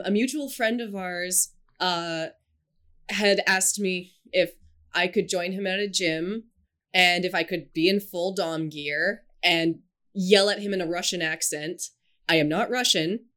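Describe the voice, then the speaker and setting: A woman with a slightly low voice chats casually on a podcast. She rambles with lots of fillers and keeps breaking into giggles. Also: unhurried, a bit bright. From Scotland and China. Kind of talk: casual chat.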